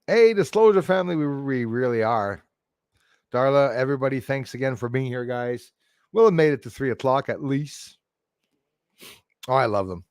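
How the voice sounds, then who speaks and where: A man's voice: mid-range voice, expressive, moderate pace, pauses often, a little mellow, clear, resonant tone, no room sound. Blunt, profane man ranting on a live stream. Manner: blunt, profane, rambling, laughs at critics. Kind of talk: casual live-stream rant to chat. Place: outdoors in a forest.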